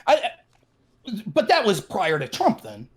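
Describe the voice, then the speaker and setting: A man's voice: high voice, huge pitch swings, a little slow. A man in his thirties calling in over a voice call with a cutting-out mic, hedging and apologetic as he argues. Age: 30s. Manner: hesitant, apologetic, hedging with "I feel". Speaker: caller. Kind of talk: casual political debate. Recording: call audio, mic gating.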